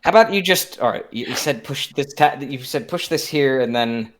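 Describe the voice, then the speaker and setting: Wry, halting man playing a tabletop game. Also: mid-range voice, animated, fairly bright tone, slight background noise. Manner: halting, wry, lots of restarts. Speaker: player. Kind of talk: tabletop role-play, in character.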